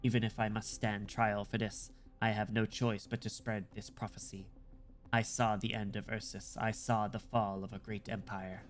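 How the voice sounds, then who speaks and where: A man's voice: fairly low pitch, flat delivery, moderate pace, faint music behind, pitched below the performer's own voice, natural voice. A man reading as a ragged condemned orator. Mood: solemn. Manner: solemn, grand oratory. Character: ragged condemned man giving a prophetic speech. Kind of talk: dramatic reading of game dialogue.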